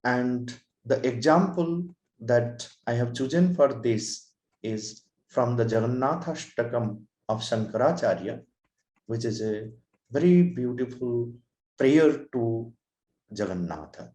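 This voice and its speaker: A man teaching Sanskrit verse meters in a lecture, explaining slowly and deliberately, then chanting verses melodically. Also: mid-range voice, expressive, a little mellow, echoey room, rough recording.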